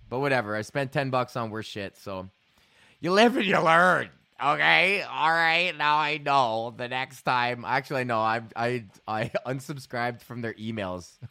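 A comedian from Alberta, Canada, rambles through a long, profane story on his own podcast, laughing as he performs both sides of the conversation in a casual solo rant. His voice is mid-range and sharp, with no echo.

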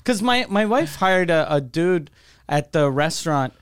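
A man's voice: a little high, animated, measured pace, smooth, no room sound, clean studio sound. A man co-hosting a podcast, chiming in with wry, crude jokes in casual banter. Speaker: podcast co-host.

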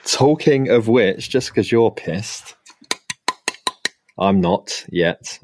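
A man's voice: fairly low pitch, lively intonation, drawn-out words, background noise. A man hosting a podcast in casual chat, teasing his co-host and laughing often.

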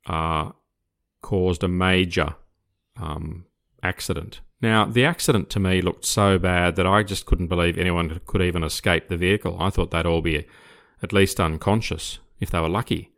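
A man's voice: low voice, steady tone, moderate pace, gravelly, fairly bright tone. An older man from Australia, a retired police officer, telling a story in casual conversation, hesitant with repeated words but growing vivid. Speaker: retired police officer recounting his career.

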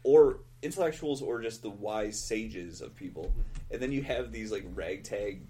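A man's voice: on the low side, normal speed, warm tone. A man co-hosting a movie podcast, eagerly laying out his points about the film. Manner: enthusiastic, builds arguments. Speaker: podcast co-host. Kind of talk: casual movie chat.

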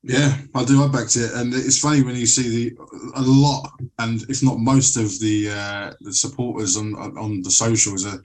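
A man in casual chat. He talks haltingly, restarts often and rises when he gets worked up. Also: mid-range voice, fairly even intonation, a little mellow.

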